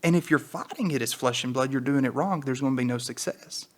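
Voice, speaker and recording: Man, mid-pitched, earnest and exhorting, conversational Bible teaching co-host. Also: fairly quick. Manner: earnest, exhorting, rising to emphatic peaks.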